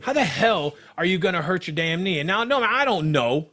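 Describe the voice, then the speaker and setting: Sitting high, his voice has lively intonation and a bright, forceful tone, delivered at a moderate pace. This young podcast co-host and MMA fighter talks about his fights bluntly, profanely, and with plenty of heat.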